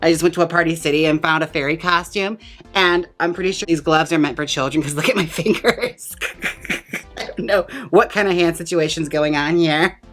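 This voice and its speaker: A man's voice: on the high side, fairly even intonation, brisk, a bit bright, soft background music. A man chatting casually as he styles a wig and walks through each step. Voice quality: chatty and playful, talks while styling. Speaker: wig stylist and vlogger. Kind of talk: casual tutorial chat.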